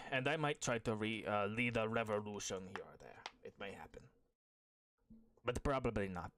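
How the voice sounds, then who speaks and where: A man's voice: on the low side, normal speed, a bit bright. A man voicing a grave, aging male revolutionary who teaches children and speaks solemnly with weary sighs.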